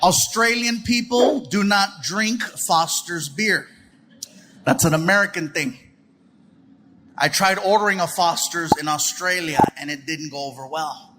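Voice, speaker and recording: A male stand-up comedian spins a story on stage and slips in and out of the voices of the people in it. His voice sits high, and his delivery is animated. The stage mic picks up clear audience noise around him. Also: measured pace. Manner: animated, acts out characters in voices.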